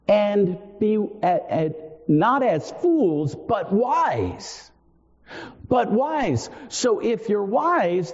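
A man's voice: a little high, a little mellow. A man in his forties preaching a sermon, earnest, repeating key phrases for emphasis with self-deprecating asides. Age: 40s. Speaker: pastor. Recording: dull sound in a long-reverb hall.

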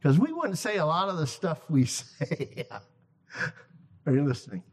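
A man preaching a sermon to a congregation, emphatic, repeating key lines slowly for effect. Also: fairly high pitch, sing-song, darkish tone. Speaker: guest preacher. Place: church sanctuary. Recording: long reverb of a large hall.

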